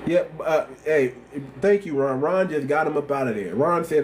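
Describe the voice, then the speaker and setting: A man's voice: fairly high pitch, normal speed, slight background noise. A man with a slight lisp hosting a livestream, talking bluntly and repeating himself in casual slang. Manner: blunt, repetitive, animated slang-heavy talk. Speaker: livestream host.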